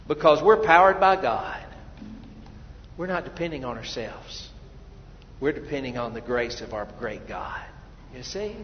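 High-voiced preaching man in a hall. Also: measured pace, pauses often. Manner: animated preaching, swinging from loud to hushed. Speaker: pastor. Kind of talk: sermon. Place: church sanctuary. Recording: dull, reverberant church hall.

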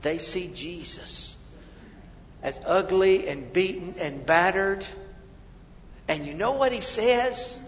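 A man preaching a sermon as pastor, swinging between hushed passages and loud, impassioned ones. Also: high voice, lively intonation, slow pace, pauses often, a little hiss or hum. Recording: dull sound in a reverberant hall.

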